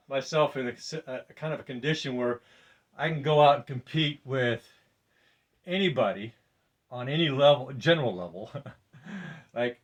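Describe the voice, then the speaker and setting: An older man walks through a weight routine in a home gym, chatting loosely and laughing often. His voice sits a little high and is caught from a few steps back from the camera mic. He breathes deeply between sets. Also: far from the mic. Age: 60s. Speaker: fitness presenter. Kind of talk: casual workout demonstration.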